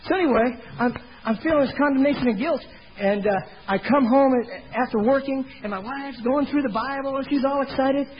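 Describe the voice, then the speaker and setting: A man's voice: very high voice, fairly quick, lo-fi sound, a little hiss or hum. A middle-aged man telling his personal testimony in a folksy storytelling way, acting out what other people said. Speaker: former door-to-door salesman giving testimony. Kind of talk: personal testimony told to a congregation.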